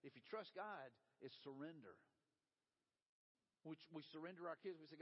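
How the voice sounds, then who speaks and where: A man preaching a sermon as a pastor, with a folksy storytelling manner, sinking into a soft, low voice for quotes. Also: normal speed, long pauses. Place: church sanctuary. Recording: dull reverberant church hall.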